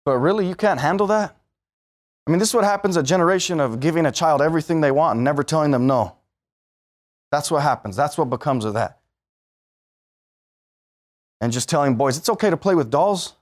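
A man preaching a sermon as pastor, emphatic, swinging between loud peaks and low asides. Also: animated, brisk, long pauses.

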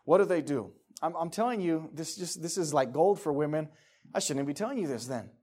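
A man's voice: a little high, lively intonation, brisk, warm tone. A middle-aged man preaching a casual sermon, talking conversationally and emphatically and acting out the voices he quotes.

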